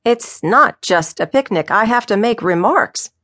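A woman reading an audiobook voices a nervous, irritable middle-aged male police chief who talks in a gruff, grumbling way. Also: mid-range voice, animated, unhurried, fairly bright tone, no echo, studio quality, voice pushed up. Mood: fretful.

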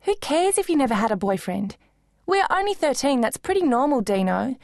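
A drowsy teenage girl answers bluntly and wearily, as a woman narrator voices her. The read is close and dry, with a fairly high voice. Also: big pitch swings, fairly quick, a little mellow, no room sound. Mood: weary. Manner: weary, blunt. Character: sleepy, blunt teenage girl best friend.

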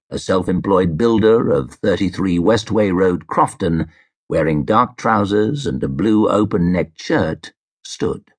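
A male audiobook narrator reading a crime novel in a measured, expressive storytelling manner. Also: lowish voice, breathy edge. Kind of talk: scripted narration.

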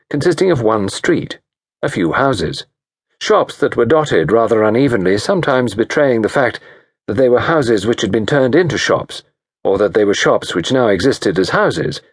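A man narrating an audiobook in a measured, expressive storytelling manner. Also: fairly low pitch, husky, dry recording, studio quality. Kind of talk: scripted narration.

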